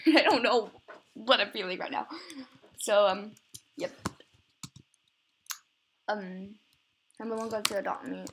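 A woman's voice: on the high side, measured pace, long pauses, fairly bright tone. A young woman chatting casually while playing a game, rambling, often giggling and laughing at herself. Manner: giggly, rambling, many self-conscious laughs. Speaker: gamer recording gameplay. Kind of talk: casual gameplay chat.

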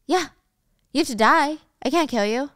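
A woman's voice: high-pitched, lively intonation, normal speed, fairly bright tone, dry recording, clean studio sound, voice pushed up. A woman voicing a violent teenage boy who snarls cursing threats, in a storytime retelling. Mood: menacing.

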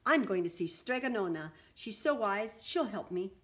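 A woman's voice: mid-range voice, animated, moderate pace, a bit bright, lightly acted. A woman playing a fed-up young baker's daughter. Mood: determined. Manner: pleading, indignant.

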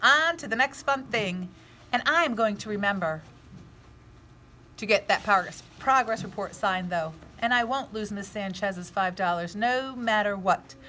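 A woman reading a children's chapter book aloud, expressive, gasping and adding asides to young listeners. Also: mid-range voice, a little slow, slight background noise.

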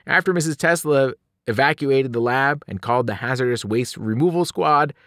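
A male teacher reading a novel aloud in an expressive, animated storytelling style. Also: medium pitch, normal speed, no echo, clean studio sound.

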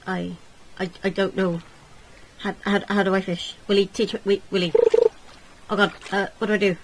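A woman's voice: medium pitch, little pitch movement, moderate pace, a little hiss or hum, poor audio. A woman giving casual let's-play commentary, comically dramatic and given to whiny pleading. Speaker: video game player.

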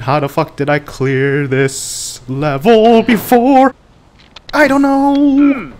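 A man who sings every line of his game commentary in a made-up tune, swearing and frustrated as he plays. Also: high-pitched. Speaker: gaming video creator. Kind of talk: sung gameplay commentary.

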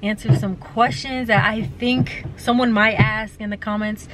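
A woman's voice: mid-range voice, steady tone, a little slow, noisy background. A woman chatting casually to her camera in a travel vlog, loose and full of fillers. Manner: chatty, filler-heavy, talks straight to camera. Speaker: vlogger. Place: hotel room and ski resort.

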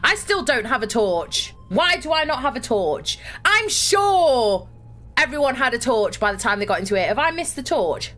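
A woman's voice: a little high, very animated, normal speed, fairly bright tone, soft background music. A young woman streaming a horror game, thinking aloud, swearing and getting exasperated. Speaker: gaming streamer. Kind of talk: live gameplay commentary.

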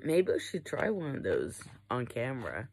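A woman's voice: rumbling low, huge pitch swings, moderate pace, a little mellow, a little hiss or hum, poor audio. A young adult woman chatting casually while unboxing a haul. She rambles, swears freely and often trails off mid-sentence. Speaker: vlogger.

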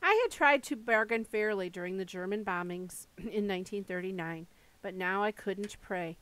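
A woman reading a first-person memoir aloud in a steady, measured way. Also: mid-range voice, dry recording, low-quality recording. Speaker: audiobook reader.

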